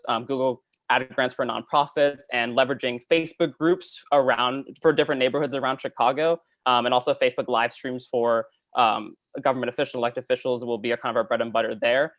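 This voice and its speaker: A man fields questions about his startup over a video call, talking fast and earnestly with plenty of ums. His voice is mid-pitched and the sound is dry and close. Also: no room sound. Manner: fast, many fillers, earnest. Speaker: startup founder answering questions. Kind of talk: Q&A answers after a pitch.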